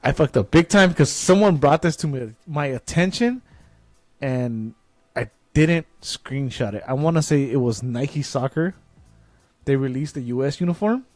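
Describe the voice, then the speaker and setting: Man, podcast host, excitable, cusses, dry close mic, faint music behind. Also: mid-range voice, measured pace, no room sound. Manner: excitable, swears freely. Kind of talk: casual fan chat.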